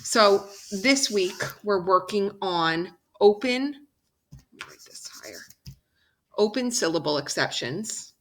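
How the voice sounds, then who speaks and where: A woman teaching a phonics lesson, speaking slowly and patiently, drawing out example sounds and checking in with her class. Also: medium pitch, expressive.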